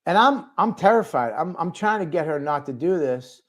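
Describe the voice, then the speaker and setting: A man's voice: on the high side, expressive, moderate pace, fairly bright tone. A male comedian telling a self-mocking story in casual, rambling talk with crude language. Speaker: comedian guest.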